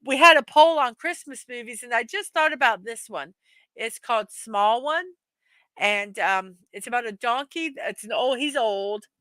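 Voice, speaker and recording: An older woman hosting a casual livestream, chatting warmly and rambling, greeting viewers by name as they arrive. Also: a little high, smooth, no echo. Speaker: livestream host.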